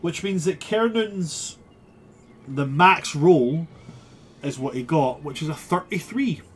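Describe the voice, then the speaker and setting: A man's voice: fairly high pitch, lively intonation, slow, slight background noise. Casual man running a tabletop game. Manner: casual, thinks aloud with fillers. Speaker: game master.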